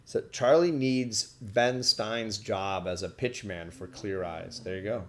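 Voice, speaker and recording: A man's voice: lowish voice, slow pace. An English man hosting a casual comic book review stream, chatty and given to joking and teasing. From England. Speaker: host of a comics review livestream. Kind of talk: casual chat.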